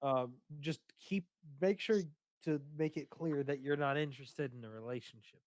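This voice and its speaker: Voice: medium pitch, expressive, normal speed, darkish tone, no room sound. A person chatting on a livestream, hesitant with many "um"s, giving earnest advice. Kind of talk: casual chat on a livestream.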